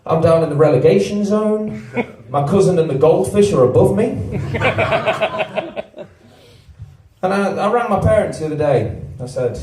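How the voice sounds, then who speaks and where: A man in his twenties from England doing a stand-up comedy set, deadpan and self-deprecating, with big jumps in pitch on his punchlines. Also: measured pace. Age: 20s. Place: comedy venue with a live audience. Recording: echoey venue, mic at a distance. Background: audience laughter.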